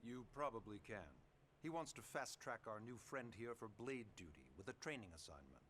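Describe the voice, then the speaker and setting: A man's voice: mid-range voice, expressive, moderate pace, a little hiss or hum, natural voice. An actor playing a polite, persuasive male official in a video game who coaxes people into agreeing. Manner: polite, coaxing, quietly manipulative. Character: smooth-talking male official, persuasive and sly.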